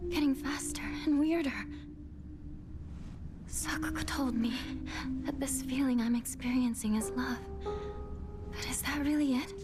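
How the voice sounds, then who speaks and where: An actress voicing a withdrawn, troubled teenage girl in a video game, speaking quietly and somberly. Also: sits high. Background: game music.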